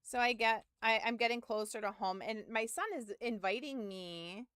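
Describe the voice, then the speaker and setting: Rambling streamer woman, smooth dry voice. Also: fairly high pitch, normal speed, fairly bright tone, no echo. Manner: rambling, full of "like", swearing, self-mocking. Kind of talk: casual storytelling to stream chat.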